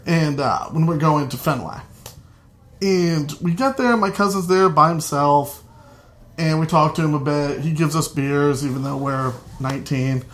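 Slow-talking man telling a funny story. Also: on the high side. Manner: lively and loose, swearing freely. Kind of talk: comic storytelling to a live audience.

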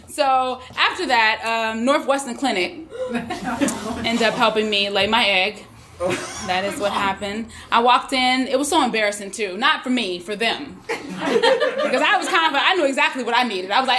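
Woman, stand-up comic, high-pitched, brash, swears freely, laughs at own jokes, noisy live recording. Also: expressive, normal speed. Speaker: stand-up comedian. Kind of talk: stand-up comedy set.

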